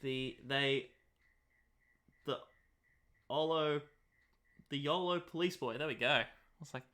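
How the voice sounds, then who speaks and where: A man's voice: a little high, takes it slowly, sharp tone. A young Australian man chatting casually on a live stream as he makes a map, muttering to himself and poking fun at himself.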